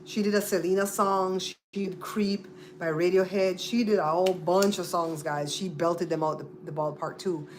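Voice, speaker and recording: A Belizean woman chats casually on her livestream, talking to viewers by name. Her voice sits a little low, and she likes to repeat and spell words out. A faint noise hums behind her. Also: steady tone, moderate pace, darkish tone. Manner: chatty, repeats and spells out names. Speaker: livestream host. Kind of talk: casual live-stream chat with viewers.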